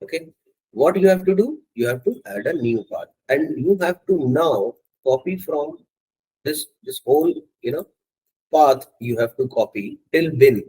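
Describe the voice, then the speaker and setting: A man teaching a software testing course, walking students step by step through setting up Java and often checking in with "okay" and "right". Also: on the high side, animated, a little slow, breathy edge, low-quality recording. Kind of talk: screen-share coding tutorial.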